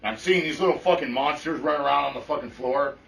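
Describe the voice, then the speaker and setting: A man's voice: fairly high pitch, fast, vocal fry, fairly bright tone. A middle-aged man giving a blunt, profane personal testimony to a recovery group, often checking in with his listeners. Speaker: recovery meeting speaker. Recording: echoey room, mic from far off.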